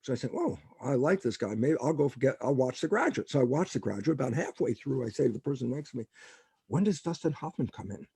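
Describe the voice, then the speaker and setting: An older man speaking as a podcast guest, his voice gravelly and a little husky. He tells stories in a lively way, swinging up and down in pitch as he acts out what people said. The sound is dry and close, with no room echo. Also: fast, few pauses. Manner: animated storytelling, acts out quoted dialogue. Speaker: guest biologist. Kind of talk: interview conversation.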